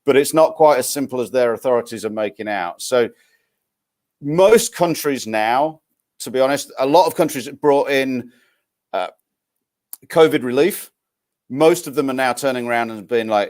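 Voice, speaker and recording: A man's voice: medium pitch, normal speed, a little mellow. A man from northern England with a Northern English accent, a guest expert chatting casually and explaining tax rules with frequent restarts. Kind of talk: casual live-stream chat.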